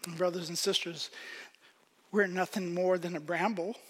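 A man preaching a sermon as pastor, swinging from loud emphasis to hushed whispers. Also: high-pitched, steady tone, moderate pace, big-room sound.

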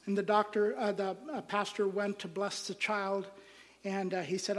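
A man's voice: high voice, flat delivery, measured pace. A man preaching a sermon as pastor, stressing phrases one by one and letting their ends drop almost to a whisper. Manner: emphatic preaching, phrases trailing off to near-whispers. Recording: long hall reverb.

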